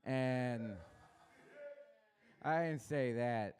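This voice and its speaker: A young man from Los Angeles doing a crude stand-up set, baiting the crowd and swinging his pitch up and down. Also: very slow, darkish tone. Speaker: stand-up comedian. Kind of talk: stand-up set at an open mic.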